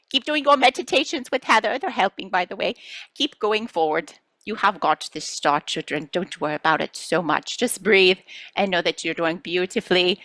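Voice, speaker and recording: A woman's voice: medium pitch, no room sound, close to an everyday voice. A woman channeling a playful collective of star beings who teases and reassures listeners, calling them children. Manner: addresses listeners as children, gently scolding. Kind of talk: channeling session.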